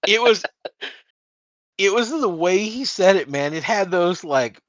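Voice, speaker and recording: A man co-hosting a casual hobby podcast, talking with animated energy, swearing freely and restarting sentences. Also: high-pitched, unhurried, no room sound, dull audio. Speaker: podcast co-host.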